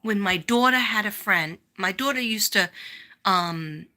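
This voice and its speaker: A middle-aged woman from New York talks in a bright, clear tone with a New York accent. She rambles through a chatty story and greets viewers by name. Her pitch sits in a middle range for a woman. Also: unhurried. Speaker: psychic livestream host. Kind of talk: casual livestream chat.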